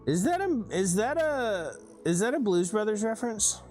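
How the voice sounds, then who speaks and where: Brief: Southern US man, streamer, rambling chat with a lively pitch, faint music underneath. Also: moderate pace. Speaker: live streamer. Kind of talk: casual chat with stream viewers.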